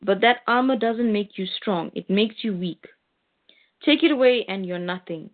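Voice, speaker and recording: A woman's voice: mid-range voice, moderate pace, close to an everyday voice. A woman voicing a stern, righteous male superhero who lectures a villain indignantly. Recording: tinny phone-like sound.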